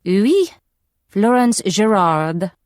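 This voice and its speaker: A woman's voice: sits low, expressive, moderate pace, vocal fry, a little mellow, dry recording, clean studio sound, full character voice. A woman voicing a stern, suspicious female café owner who speaks in an exaggerated fake French accent, in an audiobook. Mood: curt, suspicious. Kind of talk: audiobook character voice.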